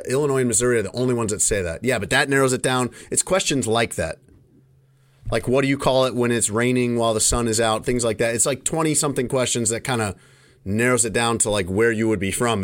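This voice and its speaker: A man's voice: medium pitch, quick pace. A man from Chicago hosting a podcast, telling long, rambling stories in casual chat. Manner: chatty, rambling storyteller.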